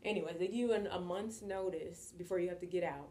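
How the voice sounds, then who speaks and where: An American woman in her twenties telling a story in a casual, animated, slangy vlog style and acting out what people said. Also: lowish voice, fast talker, a little hiss or hum. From United States. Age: 20s. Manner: animated, chatty, slangy, acts out quotes. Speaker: vlogger.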